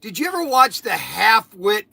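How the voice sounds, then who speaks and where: A man's voice: sits high, sing-song, moderate pace, vocal fry, pushed and bright, breathy edge. Chatty rambling man host. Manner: chatty, laughs often, trails off and restarts. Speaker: livestream host. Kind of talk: casual rambling livestream chat.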